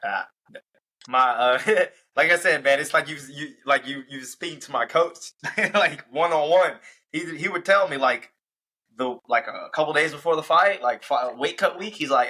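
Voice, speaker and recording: Young male fighter, guest on an interview; lively storyteller with a bright, forceful tone. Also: fairly high pitch, normal speed, poor audio. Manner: animated, acts out fight moments and quotes. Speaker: professional MMA fighter, guest.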